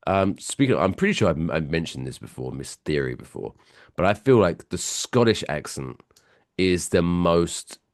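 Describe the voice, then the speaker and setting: A man with a very low, deep voice that swings lively up and down, chatting and joking as a podcast co-host. His voice is wearing out and hoarse, and the dry, close sound has no room around it. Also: normal speed, dry recording. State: voice going hoarse. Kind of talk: casual podcast banter.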